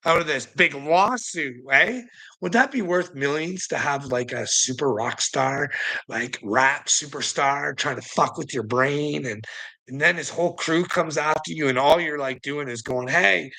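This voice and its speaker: A man's voice: on the high side, unhurried, bright, forceful tone, poor audio. A man ranting in a rambling monologue, mocking and profane, laughing often between lines. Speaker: vlogger.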